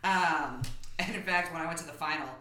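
A woman's voice: deep voice, a little fast, bright, forceful tone. A woman in her thirties from the United States, co-hosting a podcast in casual chat, telling stories and laughing often. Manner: chatty, laughs often, storytelling. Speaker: podcast co-host. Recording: echoey room with faint noise.

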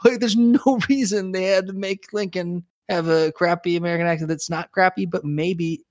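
A man's voice: high voice, steady tone, normal speed, a little mellow, no room sound, studio quality. A man co-hosting a casual recap chat, rambling with lots of restarts and fillers. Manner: rambling, many restarts and "like" fillers, laughs often. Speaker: podcast co-host.

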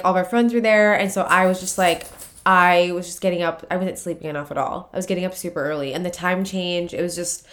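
A young woman co-hosting a podcast, chatting casually and rambling with lots of filler words and restarts. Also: on the low side. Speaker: podcast co-host. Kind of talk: casual chat.

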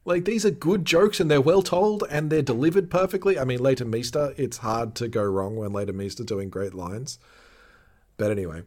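A man, hosting a podcast in casual chat and recapping episodes in a jokey, animated way. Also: medium pitch, normal speed. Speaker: podcast host.

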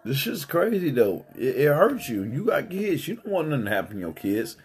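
A man's voice: mid-range voice, very animated, fairly quick, slightly rough. A man in casual chat, telling a family story in a heated, profane way.

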